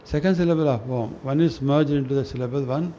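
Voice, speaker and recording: Guy reading scripture slow and halting, stumbles on words, faint hiss behind, kinda muffled. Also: medium pitch, dark tone. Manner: halting, restarts words, clears throat. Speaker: reader of a spiritual newsletter. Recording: dull lo-fi recording with faint noise.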